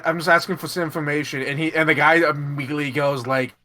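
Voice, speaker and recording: Game master man, bright tone, slightly high; rambling, laughing narrator with faint music under. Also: steady tone, fast talker. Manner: rambling, laughing, lots of fillers and restarts. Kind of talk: narrating a tabletop game, voicing NPCs in passing.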